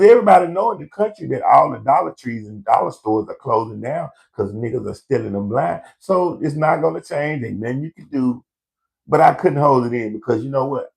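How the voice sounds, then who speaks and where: A man's voice: medium pitch, animated, a little fast, vocal fry, darkish tone. A man hosting a live comedy show, ranting in a brash, profane storytelling way to online viewers.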